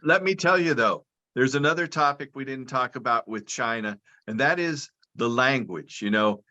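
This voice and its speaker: A man's voice: medium pitch, moderate pace, pushed and bright, dull audio. A man being interviewed over a video call, explaining things patiently and step by step like a lecturer. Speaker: guest, cannabis and hemp advocate.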